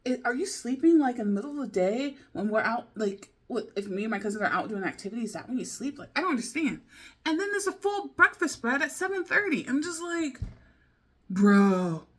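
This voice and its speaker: Chatty, high-voiced young woman rambling. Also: very animated, fairly quick, fairly bright tone. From America. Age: young adult. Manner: rambling, laughing, with many fillers and self-interruptions. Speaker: vlogger. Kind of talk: casual storytelling vlog.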